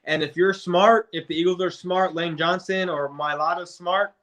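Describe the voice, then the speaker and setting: Male fan guest, casual sports debate, somewhat high, sharp tone, rambling delivery with frequent restarts. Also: fairly even intonation, moderate pace. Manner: rambling, stumbles and restarts often.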